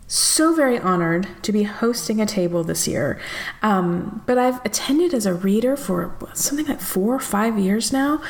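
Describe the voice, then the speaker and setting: Bubbly woman podcast host, gravelly. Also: mid-range voice. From United States. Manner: bubbly, gushing, quick to laugh. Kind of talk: casual interview chat.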